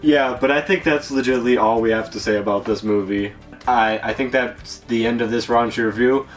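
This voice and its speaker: A man's voice: mid-range voice, fairly even intonation, brisk, recorded from a distance, faint music behind. Rambling, laughing man co-hosting a review. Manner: rambling, laughing, many fillers. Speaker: podcast co-host. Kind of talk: casual movie review chat.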